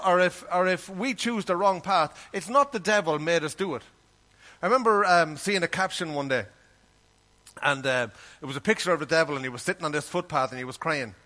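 A man preaches a sermon in a high-pitched voice that sounds pushed and bright. He talks earnestly and conversationally, and when he reads scripture aloud he uses King James wording.

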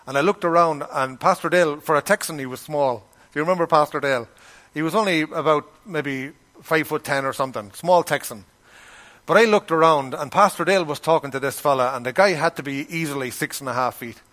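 Talking fairly quickly, a middle-aged pastor from Ireland preaches with an easy, chatty manner. His voice is slightly higher than the typical man's, and he weaves stories into the sermon, acting out the voices of the people in them.

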